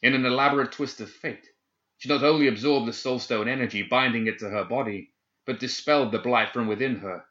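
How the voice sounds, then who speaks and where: A man narrating a dark fantasy story in a measured, dramatic reading. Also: medium pitch, roomy sound. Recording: dull lo-fi recording.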